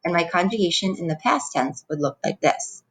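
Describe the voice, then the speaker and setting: Teacher lady w a low voice going over spanish verbs, calm clear explaining. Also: a little fast, low-quality recording. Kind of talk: recorded classroom lesson.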